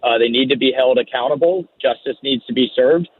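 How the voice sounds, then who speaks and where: A man speaking as a congressman guest on a radio show, firm and steady in his talking points. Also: mid-range voice, a little fast, slightly rough, dry recording. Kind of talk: phone-in radio interview. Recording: tinny phone line.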